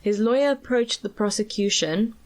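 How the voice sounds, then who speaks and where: Picture a South African woman co-hosting a podcast and walking her friend through a crime story. She has an ordinary middle pitch and stays chatty and loose. She slips little giggles in between the facts. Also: normal speed. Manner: giggly, laughs often while telling the story. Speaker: podcast co-host.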